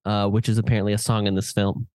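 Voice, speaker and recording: A man co-hosting a film podcast in casual chat, wry and teasing with quick asides. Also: on the low side, little pitch movement, darkish tone, no echo, clean studio sound. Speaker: podcast co-host.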